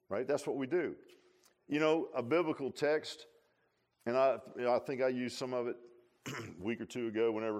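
A pastor giving a conversational sermon in a folksy manner, often repeating and restarting phrases and adding humorous asides. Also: male voice, medium pitch.

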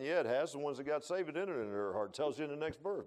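A middle-aged man preaching a sermon as pastor, folksy, swinging from loud rising bursts to low quiet asides. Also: animated, racing, hardly any pauses.

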